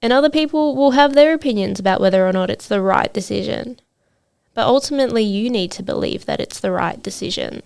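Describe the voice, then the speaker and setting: Smooth, slightly gravelly woman podcasting. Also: fairly high pitch, fairly quick, darkish tone. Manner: earnest, motivational, with frequent fillers. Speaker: podcast host and trades coach. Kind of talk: solo podcast talk.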